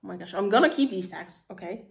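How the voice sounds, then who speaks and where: A woman talking casually through an unboxing, excitable and chatty, gushing over each item with lots of fillers. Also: medium pitch, fast, vocal fry. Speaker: vlogger.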